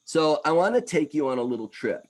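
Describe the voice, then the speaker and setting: A man in his fifties giving an energetic wellness presentation, animated and talking in quick bursts. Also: a little high. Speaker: wellness speaker. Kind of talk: presentation talk.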